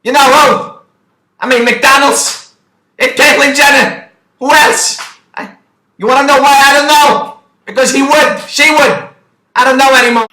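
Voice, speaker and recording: A man voicing a loud male stand-up comedian who rants in exasperated shouts. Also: very high voice, steady tone, measured pace, pauses often, exaggerated voice. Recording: echoey room.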